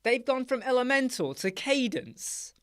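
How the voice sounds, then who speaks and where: A man's voice: extremely high pitch, a little slow, no echo, studio quality. Chatty man hosting a live show. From United Kingdom. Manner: chatty, animated, with many fillers and asides. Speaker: live chat show host. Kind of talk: casual live-stream chat answering viewers. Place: small dark room with sound panels.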